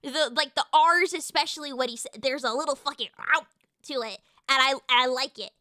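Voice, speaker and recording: A woman streaming as a VTuber in casual chat, loud, swearing often and tripping over her words. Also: high voice, brisk, no echo. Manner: loud, swears a lot, stumbling restarts. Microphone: streaming mic.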